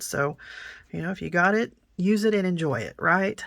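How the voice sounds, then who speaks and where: A middle-aged woman hosting a craft tutorial, telling rambling stories while she works, often dropping to a soft near-whisper. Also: lowish voice, moderate pace, vocal fry. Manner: chatty, rambling, many fillers and restarts. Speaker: craft channel host.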